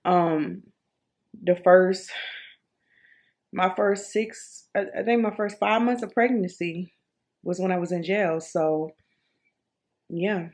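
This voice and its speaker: Animated woman in her thirties telling a story. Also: lowish voice, takes it slowly, pauses often. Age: 30s. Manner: animated, expressive storytelling with many fillers and repeats. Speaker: vlogger. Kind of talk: casual story time.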